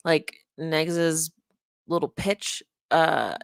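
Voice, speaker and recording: A woman's voice: sits low, moderate pace, a bit bright, no echo, clean studio sound. A woman streamer giving sarcastic, pointed reaction commentary on a livestream.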